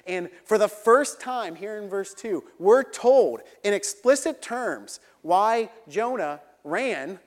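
A young man preaching a sermon, earnest, dropping to a low hush for emphasis. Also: animated, slow pace, hardly any pauses, big-room sound. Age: young adult.

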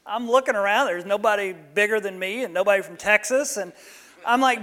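A male pastor, likely in his thirties, telling a personal story in a sermon with animated delivery that jumps loud on quoted lines. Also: sits high, brisk, long reverb tail.

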